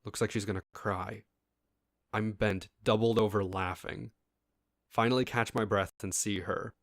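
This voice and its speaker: Man, fairly low voice, casual story reading, asides to listeners, dry close sound. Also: steady tone, unhurried, a bit bright, dry recording. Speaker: story reader. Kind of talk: reading a first-person internet story aloud.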